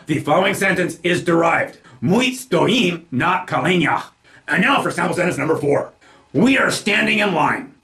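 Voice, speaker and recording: A man narrating a scripted language lesson, reading example sentences slowly and with care. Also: high voice, creaky, bright, forceful tone, roomy sound. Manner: slow deliberate enunciation of example sentences. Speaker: language teacher.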